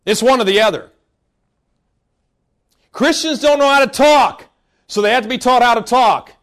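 Male preacher, very high voice, emphatic, scolding sermon, bursts into shouts. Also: normal speed.

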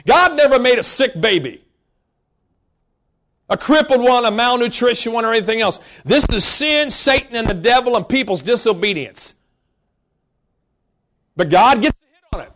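A man preaching a sermon, emphatic and scolding, bursting into shouts and stretching words for emphasis. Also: very high voice, lively intonation, moderate pace.

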